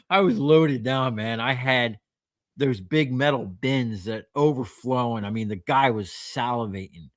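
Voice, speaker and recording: A man's voice: mid-range voice, unhurried, no echo, studio quality. A man, a scrap metal recycler, telling rambling anecdotes on a livestream, full of fillers and quoted dialogue. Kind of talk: casual storytelling on a livestream.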